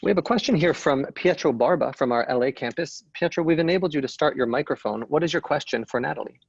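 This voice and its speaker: A man moderating the session reads his introductions quickly and briskly. His voice is husky and gravelly. The sound is dry and dull, like a low-grade line. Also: no echo.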